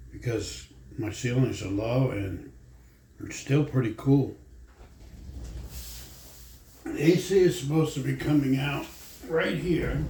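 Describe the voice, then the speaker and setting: A man's voice: medium pitch, mellow, slight background noise. A man chatting casually at home in a vlog, wandering from story to story in a folksy, meandering way. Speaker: vlogger. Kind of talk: casual rambling chat. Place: home room. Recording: echoey room, faint ambience.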